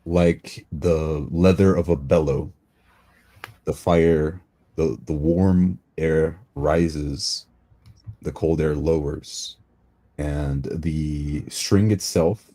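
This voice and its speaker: A man narrating a tabletop game as game master, descriptive and deliberate. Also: extremely low pitch, dark tone, husky.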